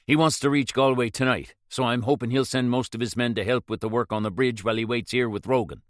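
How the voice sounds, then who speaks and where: A man's voice: medium pitch, fairly even intonation, quick pace, dry recording, studio quality, natural voice. A man voicing a bold masked outlaw hero who gives firm, urgent orders in a raised voice.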